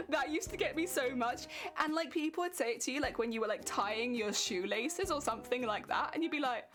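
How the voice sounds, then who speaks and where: A young British woman chatting casually with her stream viewers from home, chatty and quick to laugh. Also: sits high, a bit bright. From Britain. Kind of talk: casual chat with stream viewers while crafting. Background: faint music.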